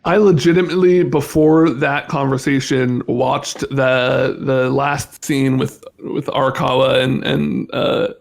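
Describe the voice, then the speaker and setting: A young man speaking as an interview guest in casual conversation, halting with many restarts and fillers. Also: medium pitch, steady tone, gravelly.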